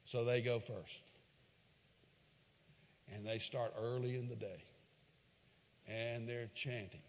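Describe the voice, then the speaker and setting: Animated preacher in a reverberant hall. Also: male voice, slow pace. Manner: storytelling preacher, swings between loud emphatic peaks and quiet low asides. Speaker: pastor. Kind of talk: sermon.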